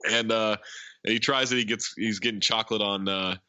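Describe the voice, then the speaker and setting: A man's voice: lowish voice, fairly quick, clean tone, dry recording, highs cut off. A man co-hosting a podcast, casually retelling a film's scenes with lots of quoting and asides. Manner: animated retelling with quoted lines. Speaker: podcast co-host. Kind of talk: casual movie recap chat.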